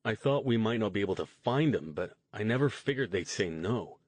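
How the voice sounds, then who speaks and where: A man's voice: fairly low pitch, expressive, brisk, darkish tone, no echo. A man voicing a blunt young man who sounds dejected and weary.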